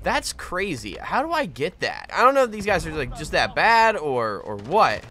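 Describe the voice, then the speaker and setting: Excitable man commenting over gunfire. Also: on the high side, moderate pace, a little hiss or hum. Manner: excitable, swears, laughs often. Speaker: gaming YouTuber. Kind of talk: casual gameplay commentary. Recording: game gunfire behind voice. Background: game gunfire and explosions.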